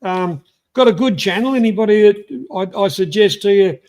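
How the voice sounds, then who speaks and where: A man's voice: sits high, normal speed, darkish tone. An Australian man hosting a live trivia stream, chatting bluntly and rambling as he greets viewers by name. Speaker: livestream host. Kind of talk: casual live-stream chat.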